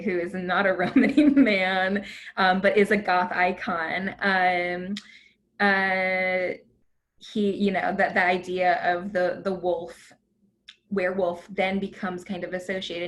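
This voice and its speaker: A woman's voice: lowish voice, measured pace, slight background noise. A woman in her thirties from the United States giving a casual academic talk, chatty and full of fillers. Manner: chatty, filler-heavy, animated. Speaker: guest lecturer.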